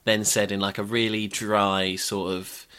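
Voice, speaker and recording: A man's voice: on the low side, flat delivery, measured pace, sharp tone, clean tone. A young man co-hosting a podcast, chatting in an amused way and laughing easily. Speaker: podcast co-host. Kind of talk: casual chat.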